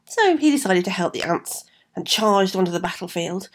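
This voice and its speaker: A woman's voice: medium pitch, animated, moderate pace. A woman telling a fairy tale aloud with chatty asides to her listeners. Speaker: storyteller.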